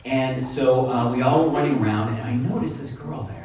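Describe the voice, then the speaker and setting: A man's voice: mid-range voice, expressive, fairly quick, few pauses, crowd noise. A man telling a rambling personal story live, full of asides, restarts and wry jokes about himself. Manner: rambling, self-interrupting, wry. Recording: echoey room, heard from a distance.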